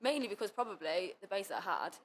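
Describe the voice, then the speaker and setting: A young woman appears as a guest cheerleader on a casual podcast, chatty and full of fillers, quoting herself as she recalls things. Her mid-range voice is very animated and quick, with slight background noise.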